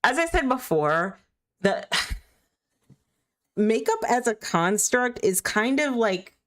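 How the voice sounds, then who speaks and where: A woman's voice: on the high side, very animated, slow pace, a bit bright, a little hiss or hum. A woman streaming live, talking in a rambling, candid, opinionated way, full of filler words. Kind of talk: casual chat while gaming.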